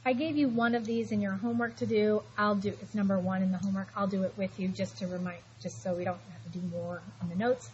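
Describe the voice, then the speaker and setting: A woman's voice: medium pitch, fairly even intonation, fast, few pauses, darkish tone. A middle-aged woman teaching math in a classroom, patient and reassuring, stopping to talk students through every step. The recording is a little dull, with a faint hiss underneath. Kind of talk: classroom lecture.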